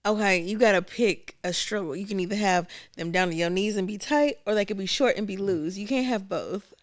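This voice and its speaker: A woman co-hosting a casual talk show, joking bluntly and firing back quick comebacks. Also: mid-range voice, no room sound, clean studio sound. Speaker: podcast co-host. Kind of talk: casual chat.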